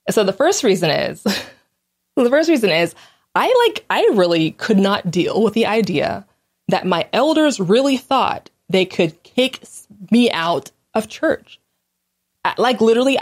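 A woman talking alone in a casual monologue, blunt and candid, recounting things in an animated way, with quick restarts and small laughs. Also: mid-range voice. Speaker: host.

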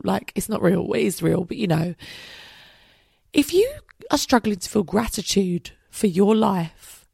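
A woman's voice: medium pitch, creaky, a little mellow, husky, no echo, studio quality. A young woman hosting a solo podcast late at night, chatty and candid, swearing freely, her voice tired and worn out. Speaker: podcast host. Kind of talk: casual solo podcast monologue.

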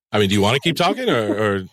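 Crude podcast host guy cracking jokes, deep-ish voice, dead dry sound. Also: dry recording. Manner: profane, laughs often, animated. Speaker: podcast host and audiobook narrator. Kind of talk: crude casual chat.

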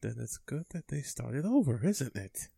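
A man's voice: mid-range voice, very animated, moderate pace, vocal fry, dark tone, breathy edge, no echo. A man co-hosting a casual gaming podcast with dry, sarcastic humor. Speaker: podcast co-host.

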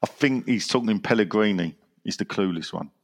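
A man's voice: lowish voice, a little fast. A man hosting a casual football podcast, reading out listener messages in a dry, wry way and laughing at his own jokes.

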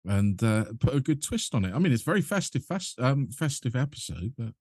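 A man's voice: mid-range voice, very animated, brisk, darkish tone, breathy edge, no echo, clean studio sound. A man co-hosting a casual podcast chat, talking keenly and often stopping to restart his words. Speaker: podcast co-host.

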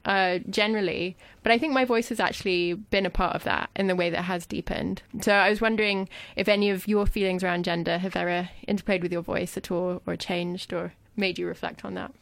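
A woman's voice: lowish voice, fairly even intonation, brisk, vocal fry, few pauses, no room sound. A woman in her thirties hosting a radio show, chatting reflectively from the studio and laughing often. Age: 30s. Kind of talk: casual studio chat.

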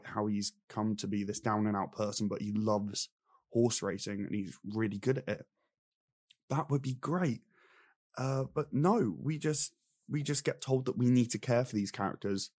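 A young man in casual chat, reviewing a film from his notes with animated, exasperated ranting and mocking voices for the characters. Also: on the low side, no echo, studio quality. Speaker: film review podcast co-host.

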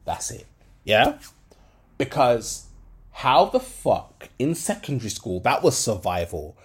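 A man's voice: mid-range voice, very animated, takes it slowly, slightly rough. A young adult man, hosting a solo podcast and talking candidly in slangy speech with many fillers. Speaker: podcast host.

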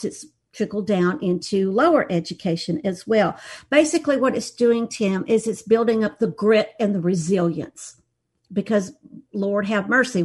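A woman guest on a political talk show, explaining education policy in a sarcastic, explaining way over a remote call. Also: on the high side.

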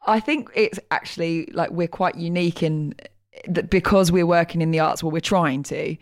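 A woman's voice: on the low side, normal speed. A woman comedy writer chatting as a podcast guest, rambling and laughing as she tells stories. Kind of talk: casual chat.

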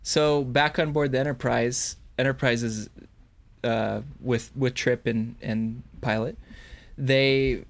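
A man's voice: mid-range voice, steady tone, gravelly. A man co-hosting a fan podcast, recapping an episode in a rambling, joking way. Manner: rambling, crude jokes, halting restarts. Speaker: podcast co-host. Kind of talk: casual chat, episode recap.

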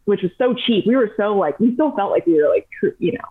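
A woman's voice: medium pitch, quick pace, husky. Chatty young woman over a tinny line. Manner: chatty, animated retelling with lots of "like". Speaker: podcast guest. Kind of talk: casual storytelling.

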